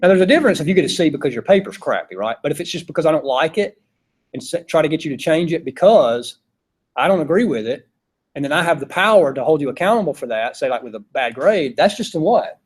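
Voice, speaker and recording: Southern teacher lecturing in a classroom, slightly high voice, keeps asking "right?". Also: male voice, animated, fast talker, breathy edge. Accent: Southern US, Georgia. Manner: conversational, peppered with rhetorical "right?" checks. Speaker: philosophy teacher.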